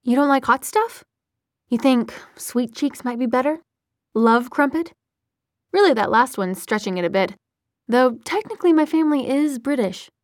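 A woman reading an audiobook, voicing a cocky, teasing young man who speaks smoothly and mockingly. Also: high-pitched, animated, normal speed, dry recording, studio quality.

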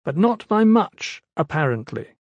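A man voicing a scornful young male scholar-priest in an audiobook, pitched well above his narration, condescending. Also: very animated, unhurried, gravelly, no room sound, dull audio, exaggerated voice. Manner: sneering, condescending.

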